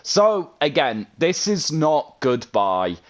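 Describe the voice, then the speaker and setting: A man's voice: a little high, big pitch swings, takes it slowly. A man, a content creator, talking earnestly and at length in a vlog, often repeating himself. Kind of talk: heartfelt vlog monologue.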